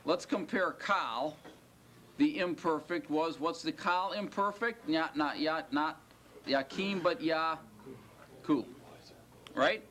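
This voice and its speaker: A man's voice: on the high side, a bit bright, slight background noise. A man teaching a class and lecturing, quizzing students and stretching out the key words. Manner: questioning, drawn-out stressed words. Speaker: Hebrew teacher.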